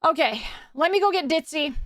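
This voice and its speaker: A young woman from Quebec, Canada, chats on a live stream in a high, lively voice. She rambles with fillers and swears casually. The mic is close and the sound is dry. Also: a little fast, no echo. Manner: animated, swearing, many fillers.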